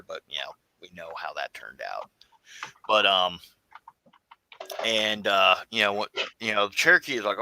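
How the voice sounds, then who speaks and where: A man's voice: lowish voice, steady tone, normal speed, sharp tone, smooth, rough recording. A man from Florida chatting casually as a guest, rambling with many fillers and restarts. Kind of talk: casual livestream chat.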